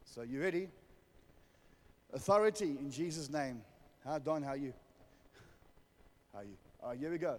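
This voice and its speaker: A man with a South African accent preaching a sermon as pastor, addressing his congregation directly with forceful, repetitive phrasing. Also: on the high side, animated, moderate pace, long pauses. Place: church hall. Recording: long hall reverb.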